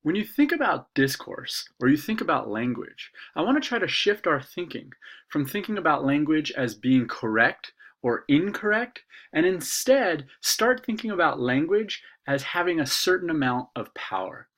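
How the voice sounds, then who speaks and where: A man's voice: on the high side, sing-song, moderate pace, fairly bright tone. A man, an instructor, explaining course material in a casual recorded video lecture, with frequent "uh" fillers. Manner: conversational, filler-laden explaining.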